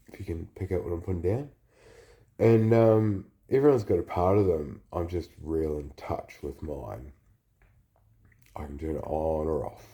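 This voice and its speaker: Man, flu-sick, very low creaky voice, rambling confessional storytelling. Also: dark tone. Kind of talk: casual personal storytelling.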